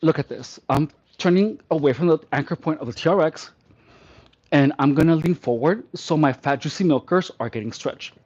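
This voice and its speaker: The fitness trainer, a man whose voice is somewhat high and a little mellow, talks at normal speed as he guides a workout. Joking in a mock-delicate way, he counts reps and flatters himself; the audio is dull and lo-fi.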